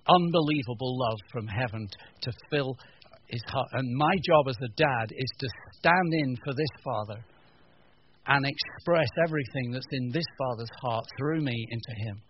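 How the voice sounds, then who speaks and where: A man from the north of England giving a humorous teaching talk to a live audience, animated and jokey, acting out little scenes. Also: mid-range voice, normal speed, highs cut off, a little hiss or hum. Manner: animated, jokey, acts out voices, stammering restarts. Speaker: preacher.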